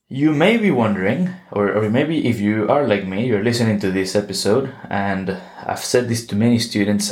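A man who is not a native English speaker, hosting a podcast English lesson and explaining words patiently, often restarting and correcting himself. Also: on the low side. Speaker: English teacher and podcast host.

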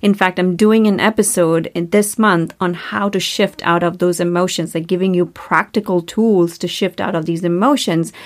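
Female podcast host, earnest and reflective, repeats ideas, medium pitch. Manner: earnest, repetitive, rhetorical questions. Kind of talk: spiritual self-help monologue.

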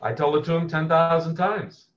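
A man's voice: a little high, little pitch movement, normal speed, close to an everyday voice. A man playing a blunt, proudly abrasive male tech visionary who talks in an emphatic, combative way and swears freely. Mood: defiant. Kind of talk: comedic impression interview. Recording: muffled lo-fi audio.

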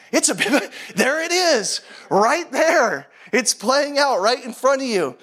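A man's voice: extremely high pitch, lively intonation, slow pace, bright, forceful tone. A man preaching a sermon to a congregation in a conversational way, often repeating phrases for emphasis. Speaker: pastor.

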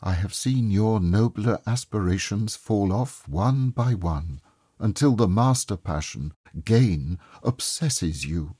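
A man reading the part of a sorrowful young woman who softly releases her fiancé, speaking gently and with quiet reproach. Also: on the low side, lively intonation, slow, slightly rough, no echo, studio quality, heavily acted. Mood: gentle sorrow.

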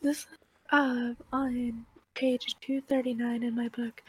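A woman's voice: fairly high pitch, little pitch movement, slow pace, breathy edge, poor audio. A woman co-hosting a casual book-club podcast over an online voice call, chatty and full of "like". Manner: chatty, uses "like" often. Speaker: podcast co-host.

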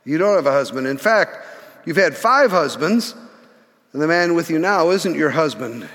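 Preacher doing a calm wise teacher, measured and gentle, high voice, echoey hall. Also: male voice. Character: calm, gentle man of faith, speaking wisely. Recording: long reverb in a large hall.

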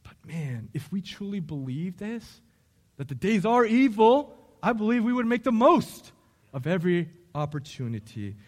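A man's voice: sits high, big pitch swings, normal speed. A middle-aged man preaching a sermon in a conversational, emphatic storytelling way.

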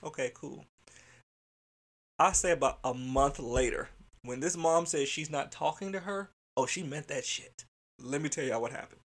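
A man who directs childcare centers, telling a workplace story in a candid, animated way, swearing freely and laughing. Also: a little high, moderate pace. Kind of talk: casual storytelling monologue.

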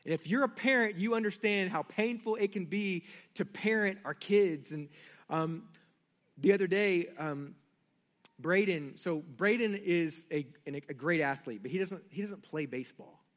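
A man's voice: sits high, moderate pace. A middle-aged man, a pastor, preaching a sermon and telling family stories directly to his congregation. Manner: storytelling, animated, addresses the congregation directly.

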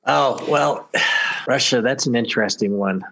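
Husky and unhurried, this medium-pitched American voice belongs to a podcast guest on a talk show. He shares anecdotes in a casual, animated way, often breaking into chuckles.

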